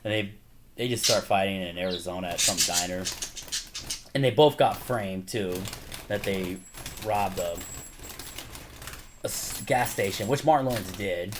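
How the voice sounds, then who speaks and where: Excited movie fan rambling, birds behind. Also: male voice, deep voice, a little slow, pauses often. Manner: excited, rambling retelling of movie scenes with laughs. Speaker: movie fan showing his collection. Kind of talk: casual chat to camera. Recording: noisy home recording with birds chirping behind.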